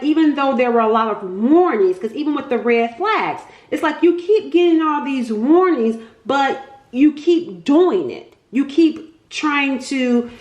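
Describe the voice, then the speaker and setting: A woman giving a casual tarot reading, chatty and excitable, thinking aloud and often laughing. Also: high voice. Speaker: tarot reader. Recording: echoey room.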